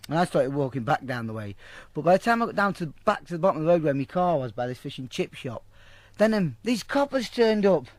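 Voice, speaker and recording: A man's voice: fairly high pitch, animated, quick pace, dry recording. A man telling a rambling, profane story in a casual interview, acting out the voices of the people in it. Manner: rambling, heavily profane, acts out quoted voices.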